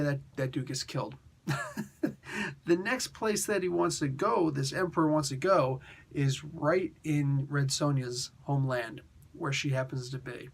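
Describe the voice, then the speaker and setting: Husky dude rambling about comics, kinda high voice, lots of slang. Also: male voice. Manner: laid-back, slangy, rambling. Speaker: comic book reviewer. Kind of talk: casual video review.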